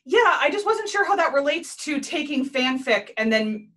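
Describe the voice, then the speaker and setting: A woman's voice: sits high, sing-song, normal speed, fairly bright tone. A woman hosting a casual interview podcast, asking curious, probing questions. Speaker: podcast host.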